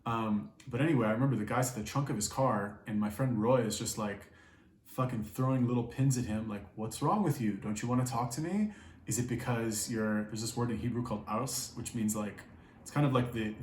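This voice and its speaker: Brief: young guy, casual profane storytelling, echoey room, faint noise. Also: fairly low pitch. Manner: profane, rambling, filler-heavy. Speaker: vlogger.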